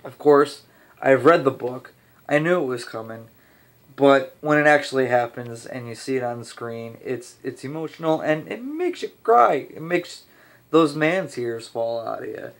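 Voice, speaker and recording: A young man rambling casually through a movie review, ranting a little and restarting his sentences, his voice slightly hoarse. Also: mid-range voice, expressive, moderate pace.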